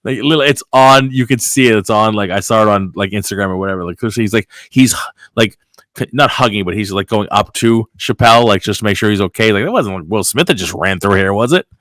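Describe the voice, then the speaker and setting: A man hosting a podcast, telling a story in casual chat, animated and full of fillers and swearing. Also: fairly low pitch, fairly quick, no echo. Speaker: podcast host.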